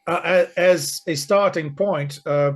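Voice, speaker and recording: A man's voice: on the high side, slow. A man co-hosting a music podcast in casual chat, hesitant and hedging, with many fillers. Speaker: podcast co-host.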